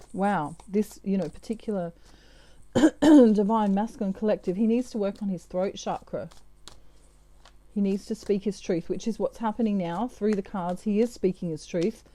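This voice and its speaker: A woman's voice: mid-range voice, a little slow, long pauses, mellow, dry recording. A woman giving a casual, chatty tarot reading, full of fillers and asides. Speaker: tarot reader.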